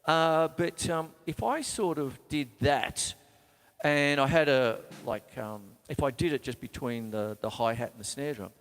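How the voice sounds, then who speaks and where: A man's voice: medium pitch, measured pace, over music. A man with an Australian accent teaching drums in a live online lesson, counting beats aloud as he plays. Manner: casual, counts beats aloud while playing. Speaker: drum teacher. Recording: reverberant room with loud drums.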